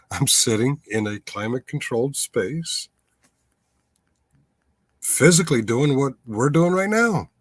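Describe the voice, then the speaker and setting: A man's voice: mid-range voice, animated, slow, pauses often, husky, no echo. A man hosting a casual livestream chat, talking in a wry, rambling way that keeps breaking off and restarting. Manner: rambling, self-interrupting, wry. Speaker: livestream host.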